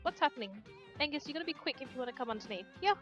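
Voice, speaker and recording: A woman's voice: high voice, expressive, racing, fairly bright tone, dull audio, faint music behind. A woman livestreaming a game. She chats casually, laughs often and talks to her dogs. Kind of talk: casual chat while playing a game.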